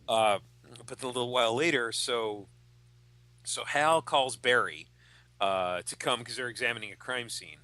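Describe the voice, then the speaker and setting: A man's voice: medium pitch, unhurried, no room sound. A man hosting a podcast, casually chatting and acting out comic book characters' lines as he tells stories. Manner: animated storyteller, acts out comic characters' quotes. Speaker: podcast host. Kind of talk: casual chat.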